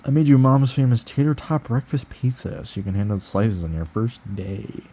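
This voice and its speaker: A man's voice: mid-range voice, expressive, moderate pace, mellow, a little hiss or hum, lightly acted. A man reading aloud and voicing a stressed young woman who fusses over her little brother. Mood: eager. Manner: bossy, then anxious and pleading.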